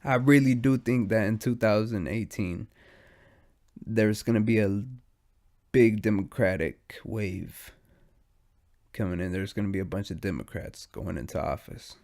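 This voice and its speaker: A young man hosting a podcast alone, high and sleepy, rambling in casual, profane slang. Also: unhurried, creaky, pauses often, darkish tone. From United States. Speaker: podcast host. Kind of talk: casual stoned monologue.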